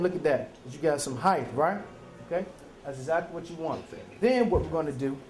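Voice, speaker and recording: A man's voice: fairly high pitch, darkish tone, echoey room. A man teaching a live cooking demonstration in a chatty, folksy way, often checking in with his audience. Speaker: culinary teacher.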